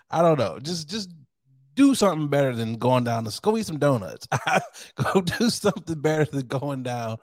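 A man's voice: mid-range voice, sing-song, normal speed, a little mellow, no echo, studio quality. A man co-hosting a casual podcast, joking and laughing often, with rambling asides. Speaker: podcast co-host.

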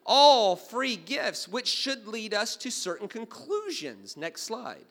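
A man preaching a sermon, telling stories and swinging from quiet asides to loud exclamations. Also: high voice, wildly swooping pitch, takes it slowly. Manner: storytelling, jumping from hushed to loud exclaiming. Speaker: pastor.

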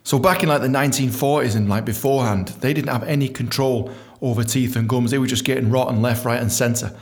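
Man, podcast host, lively storyteller, swears a lot, mid-pitched voice. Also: a little fast. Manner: animated, swears freely, acts out quotes in high voices.

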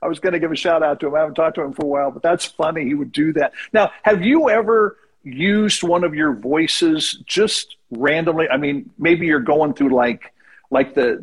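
A male radio host with a high, husky voice, keeping the talk upbeat. He asks rambling, friendly questions and pays compliments freely. The tone stays casual throughout. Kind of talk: casual interview chat.

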